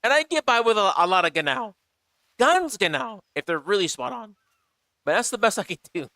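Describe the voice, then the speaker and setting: An American man chatting casually on a game live stream, rambling and animated, with lots of fillers and restarts. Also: sits high, fast, dry recording. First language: English.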